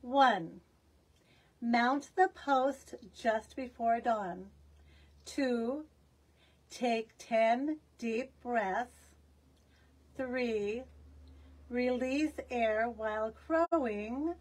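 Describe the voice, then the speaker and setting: A woman reading a picture book aloud for young children, expressive and asking them questions. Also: a little high, drawn-out words, far from the mic. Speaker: children's storyteller. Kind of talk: storytime read-aloud.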